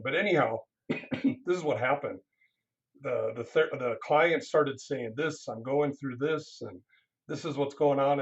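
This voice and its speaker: A man's voice: mid-range voice, lo-fi sound. A counseling professor telling a story in an interview, acting out the people he quotes. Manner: animated anecdote-telling, acts out quoted people. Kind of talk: conversational storytelling.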